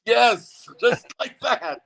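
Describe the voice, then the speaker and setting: A man's voice: very high-pitched, lively intonation, extremely slow, gravelly, fairly bright tone, faint music behind. An easygoing, encouraging man chatting casually on a livestream, talking into a phone. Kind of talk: casual chat.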